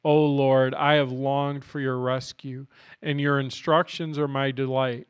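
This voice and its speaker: A man hosting a Bible reading podcast, reading scripture aloud in an earnest, unhurried way while his throat is scratchy and his voice is starting to go. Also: mid-range voice, little pitch movement, clear, resonant tone, dry recording, dull audio. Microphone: studio mic.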